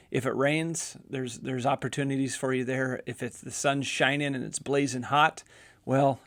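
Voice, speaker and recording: A man's voice: medium pitch, a little mellow. A middle-aged man hosting a podcast, telling a casual story with many repeated words and fillers. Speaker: podcast host, physical therapist.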